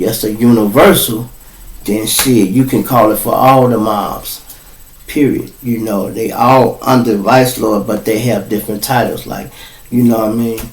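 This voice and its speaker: A man with a Chicago accent, hosting his own podcast, tells a jail story in an animated storytelling way, acting out other voices and breaking into laughs and shouts. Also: mid-range voice. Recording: roomy echo.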